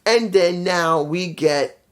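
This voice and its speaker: A man's voice: high voice, slow, fairly bright tone, a little hiss or hum. A man giving a casual, opinionated review in a blunt, profane way, often repeating phrases for emphasis. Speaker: wrestling show reviewer.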